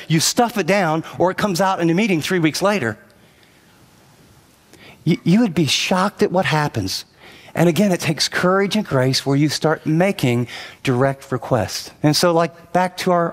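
A middle-aged man preaching a sermon as pastor, telling a story from his marriage and then exhorting with rising intensity. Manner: earnest, storytelling preacher who rises in pitch when exhorting. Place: large church auditorium. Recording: long hall reverb.

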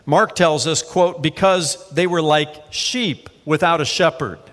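A man preaches a measured sermon, his voice sitting a little high for a man. He slows down deliberately whenever he reads scripture. The sound carries the long reverb of a large hall. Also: fairly bright tone. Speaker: pastor.

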